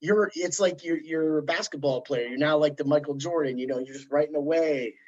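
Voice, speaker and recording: A man hosting a podcast, chatting casually in a rambling, animated way. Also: a little high, fairly quick. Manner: rambling, animated storytelling with put-on voices. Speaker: podcast host. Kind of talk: casual chat. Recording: dull lo-fi sound.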